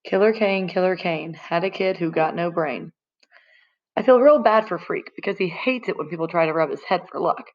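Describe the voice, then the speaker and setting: A woman's voice: fairly low pitch, lively intonation, normal speed. Woman reading a novel aloud, muffled. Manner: plain conversational narration. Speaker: audiobook reader. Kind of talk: first-person novel reading.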